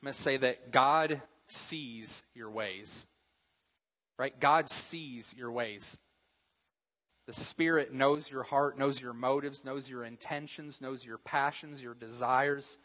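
Earnest male pastor preaching over soft guitar. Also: mid-range voice. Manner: earnest preaching, repeats key phrases, slows for emphasis. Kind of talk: sermon.

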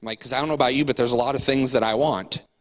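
Male pastor, easygoing conversational sermon, bright tone. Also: mid-range voice, fairly even intonation, quick pace, low-quality recording. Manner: conversational preaching with fillers and repeated words.

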